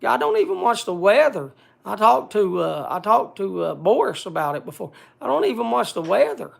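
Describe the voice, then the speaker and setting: A man speaking bluntly to a group in casual talk, halting often and restarting his sentences. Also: high voice, big pitch swings, vocal fry. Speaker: speaker addressing a group gathering.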